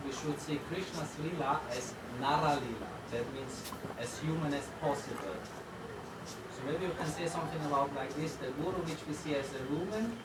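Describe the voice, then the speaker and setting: A man in the audience asking a question in careful, measured phrasing. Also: a little high. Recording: roomy, distant, loud background noise.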